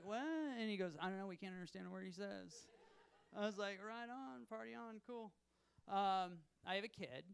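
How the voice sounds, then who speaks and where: Young dude doing standup, kinda nervous, laughs at his own jokes, pitch a bit high. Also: vocal fry, a bit bright, clean tone. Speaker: stand-up comedian. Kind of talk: stand-up set. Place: comedy club stage.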